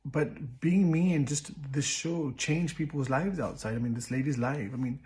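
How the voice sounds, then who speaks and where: A man's voice: a little high, moderate pace, a little mellow. A man who is a reality show contestant, telling a touching story to camera in an earnest, emotional way, repeating himself and restarting often. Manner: earnest, repetitive, many fillers and restarts. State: emotional, close to tears.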